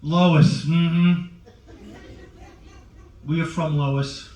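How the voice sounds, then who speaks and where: A man's voice: fairly high pitch, fairly even intonation, very slow, darkish tone, reverberant, recorded from a distance, low-quality recording. A man in his forties doing stand-up on a cruise ship, brashly teasing the live audience. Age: 40s. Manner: brash, teasing, talks to the crowd. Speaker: stand-up comedian. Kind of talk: stand-up comedy with crowd work.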